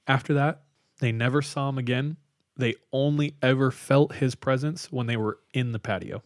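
A man's voice: medium pitch, moderate pace, no room sound, studio quality. Man telling a ghost story casually. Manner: animated retelling with fillers, hushed for spooky parts. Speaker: podcast co-host telling a story.

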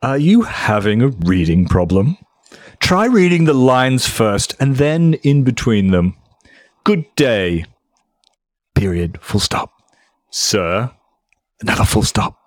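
A man's voice: fairly low pitch, very animated, measured pace, no room sound, studio quality. A man voicing a pompous, pretentious Englishman with offended, stiff-upper-lip dignity, in a dramatic reading. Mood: condescending. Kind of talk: dramatic reading of online exchange.

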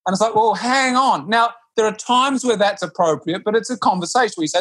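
Husky-voiced man talking yoga teaching. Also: sits high, a little fast, hardly any pauses. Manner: animated, with frequent restarts and acted-out quotes. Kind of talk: casual conversation.

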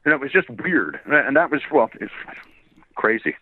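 A man's voice: medium pitch, very animated, moderate pace, dry recording. Chuckling man on a tinny line. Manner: chuckling, rambling anecdotes. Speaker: voice actor guest. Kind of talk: casual interview storytelling. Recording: tinny phone-like line, dry.

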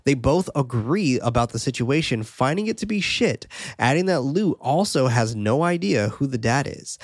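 A man's voice: mid-range voice, expressive, moderate pace, dry recording, clean studio sound. A man hosting a podcast, casually narrating a film's scenes and commenting with occasional swearing. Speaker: podcast host recapping a film. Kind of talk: casual film recap.

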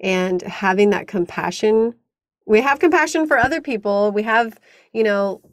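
A woman's voice: mid-range voice, normal speed, no room sound. Affirming woman podcast host, dry sound. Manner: warm, affirming, reflective. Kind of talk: casual interview conversation.

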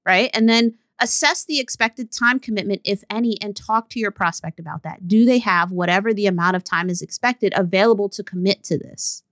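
A woman's voice: medium pitch, a little fast, few pauses, fairly bright tone, dry recording. Candid woman coach, blunt solo podcast host, dry recording. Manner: blunt, candid, with laughing asides.

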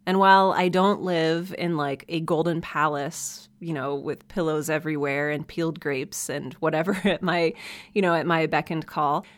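A woman's voice: low-pitched, fairly even intonation, normal speed, dry recording. A woman with a Midwestern American accent hosting a casual solo podcast from her home office, chatty and self-deprecating, laughing often. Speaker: podcast host. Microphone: desk mic.

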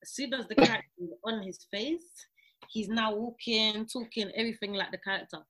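A woman's voice: on the high side, fairly quick, fairly bright tone, poor audio. A woman, a sketch comedy actor on a podcast, telling an anecdote with affection. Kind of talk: casual podcast chat.

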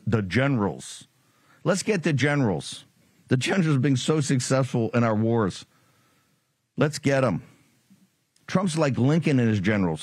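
A man's voice: medium pitch, no echo. Sarcastic, combative male political host in a dry, close studio sound, taunting his opponents. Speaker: political talk show host.

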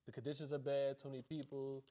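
A man chatting casually as a podcast guest, dropping quiet, mumbled asides. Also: medium pitch, flat delivery, fast talker.

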